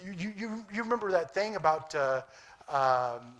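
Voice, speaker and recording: Preaching man, loud then hushed. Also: fairly high pitch, expressive, normal speed. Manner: swings from loud shouting to quiet storytelling. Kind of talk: sermon.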